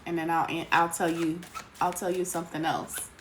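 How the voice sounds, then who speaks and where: A woman's voice: fairly low pitch, level tone, normal speed, a bit bright. A woman hosting a casual live tarot stream, greeting viewers by name and calling them sweetheart. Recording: noisy home recording.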